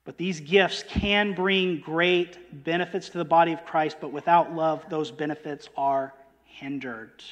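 High-voiced preacher in an echoing hall. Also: male voice, fairly even intonation, unhurried, fairly bright tone. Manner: emphatic, rising on quoted verses and dropping low on key words; asks the listeners rhetorical questions. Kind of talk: sermon.

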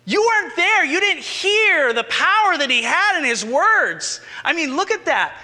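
A man voicing exasperated temple officers who protest loudly in disbelief. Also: wildly swooping pitch, moderate pace, gravelly, big-room sound, exaggerated voice. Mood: incredulous. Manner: high-pitched, loud, incredulous protests.

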